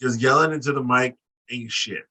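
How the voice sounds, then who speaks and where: A man with a very bright, sharp voice, co-hosting a casual chat show. He rants bluntly and crudely, with plenty of profanity and animated dismissals. His pitch sits in a middle range. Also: normal speed, poor audio. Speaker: podcast co-host.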